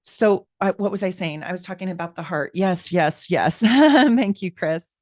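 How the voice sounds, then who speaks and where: A woman's voice: fairly low pitch, moderate pace, a little mellow, no room sound, studio quality. A woman astrologer giving casual live-stream chart readings, chatty and rambling, talking straight to her viewers from home.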